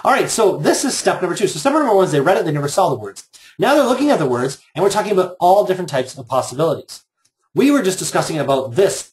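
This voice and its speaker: A middle-aged man leading a live online workshop for teachers, chatty and joking, with sarcastic asides. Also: fairly high pitch. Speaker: teacher trainer.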